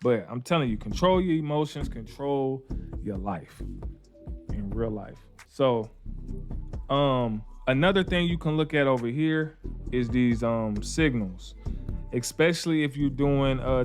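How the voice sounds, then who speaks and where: Casual male trading coach, mid-pitched, slangy and repetitive, soft music bed. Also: measured pace. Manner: informal, repeats himself, slangy asides. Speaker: trading educator. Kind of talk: casual screen-share tutorial.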